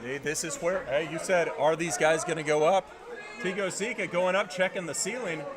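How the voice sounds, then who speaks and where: A man's voice: a little high, normal speed. A man doing color commentary on a wrestling match, reacting and agreeing with his partner. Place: wrestling event venue. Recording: loud crowd all around. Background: loud crowd.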